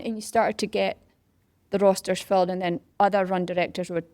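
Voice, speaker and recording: Animated woman telling a story. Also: lowish voice, fast, no room sound. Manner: animated, acts out quoted voices and whispers for effect. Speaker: interview guest, parkrun organiser. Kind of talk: casual storytelling.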